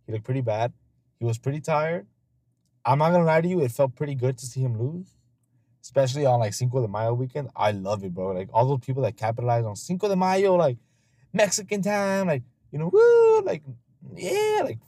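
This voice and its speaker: Podcast host, male, dark mellow tone, dry close sound, swears a lot, loose storyteller. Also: mid-range voice, animated, a little fast, dry recording. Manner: laughs often. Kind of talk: casual podcast chat.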